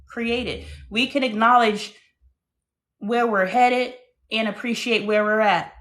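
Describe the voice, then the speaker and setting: A woman in her thirties hosting a casual livestream chat, telling stories in a chatty, animated way with playful exclamations. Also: on the high side, a little slow. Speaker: host.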